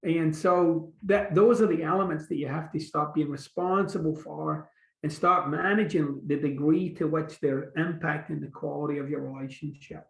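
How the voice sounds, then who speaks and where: A Scottish man with a fairly high, gravelly voice talks as a guest in an echoey room. He speaks casually and animatedly, slipping into short acted-out quotes. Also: moderate pace. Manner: animated, acts out little quotes. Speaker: author and guest. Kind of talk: casual conversation.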